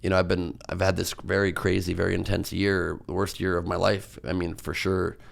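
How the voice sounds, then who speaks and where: A man's voice: deep voice, little pitch movement, fairly quick, vocal fry. A man, a comedian guest on a podcast, telling stories in a rambling, self-mocking way with lots of fillers. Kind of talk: casual podcast storytelling.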